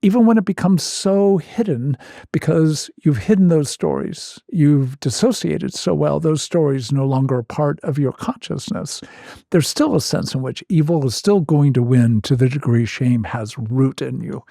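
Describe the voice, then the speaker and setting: Guy with a gravelly husky voice, therapist guest spinning a self-mocking story, dry close sound. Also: on the high side, moderate pace, mellow, dry recording. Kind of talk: animated personal storytelling.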